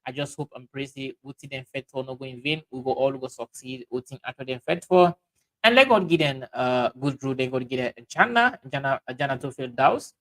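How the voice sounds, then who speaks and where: A man with a Sierra Leonean Krio accent hosting a livestream, reading out viewer comments in halting speech full of fillers and restarts. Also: mid-range voice, animated, a bit bright, rough recording. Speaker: livestream host.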